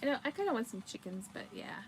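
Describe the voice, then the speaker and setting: A chatty woman with a fairly high voice talks casually on her craft livestream, laughing easily and answering viewers as she goes. Faint music plays softly in the background. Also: very animated, fast talker, rough recording. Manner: chatty, giggly, answers chat comments. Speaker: crochet livestream host.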